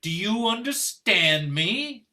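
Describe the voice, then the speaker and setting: A man's voice: high-pitched, big pitch swings, takes it slowly, pushed and bright, exaggerated voice. An older man playing a cold, formal husband, on a video call, speaking with precise diction and sarcastic menace. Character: stiff, icy English husband Richard, middle-aged. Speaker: stage actor. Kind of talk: stage play reading over video call.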